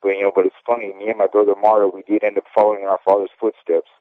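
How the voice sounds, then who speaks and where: A man's voice: fairly low pitch, little pitch movement, rapid-fire, no room sound. A man in his fifties, a former boxer, talking candidly and at length in a casual interview, often checking in with the listener as he goes. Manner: candid and rambling, often tags "okay?". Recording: tinny dry phone line.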